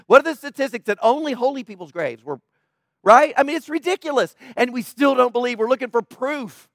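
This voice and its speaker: A middle-aged man delivers a sermon in a high voice, emphatic and conversational. He keeps asking his listeners questions. The recording is dry and close. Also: expressive, brisk, a bit bright, no echo. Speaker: preacher.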